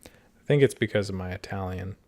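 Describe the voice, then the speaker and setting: A man's voice: low voice, a little fast, darkish tone. A man co-hosting a podcast in crude, joking casual chat, laughing easily. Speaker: podcast co-host.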